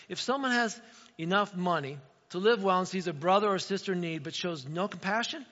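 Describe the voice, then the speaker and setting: A male pastor preaches a sermon in a bright, forceful voice, pitched a little above most men's. He keeps it conversational and keeps checking in with "right?" The sound is dull and lo-fi, with a long reverb from the hall around him. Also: fairly quick. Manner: conversational, frequent "right?" asides.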